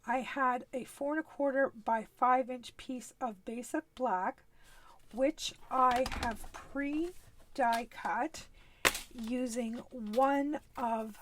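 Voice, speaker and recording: East coast canadian lady doing a live craft demo, unhurried, chatty and relaxed, voice a bit on the high side. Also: background noise. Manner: chatty, easygoing, talks while working, frequent little laughs. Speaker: stamping demonstrator hosting a live stream. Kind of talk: casual crafting demonstration.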